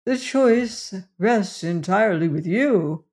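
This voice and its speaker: A reader voicing a suave, menacing aristocratic Cossack general in an audiobook, with courtly, unhurried, drawn-out phrasing. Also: mid-range voice, animated, a little mellow. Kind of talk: audiobook character reading.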